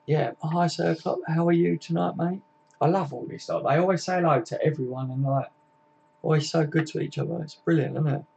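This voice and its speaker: A man's voice: a little high, a little mellow, muffled recording. A young man hosting a casual live stream, chatting and reading out viewer comments, with lots of tag questions and "mate". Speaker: fan channel host.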